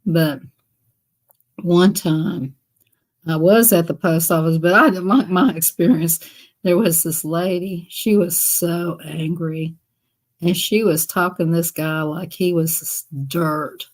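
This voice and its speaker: A woman's voice: fairly low pitch, fairly even intonation, takes it slowly. A woman live streaming, telling rambling stories in casual chat and laughing often as she talks.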